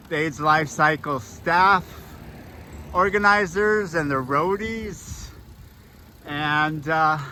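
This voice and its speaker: Chatty man on a bike, talking in an unhurried, upbeat way, caught on a camera mic. Street traffic hums clearly behind him, and he sounds cheerful as he narrates his outdoor ride. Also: on the high side, sharp tone. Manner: upbeat, chatty, breaks into laughs. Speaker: cyclist filming his own ride. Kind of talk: casual vlog narration. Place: outdoors on city streets while cycling.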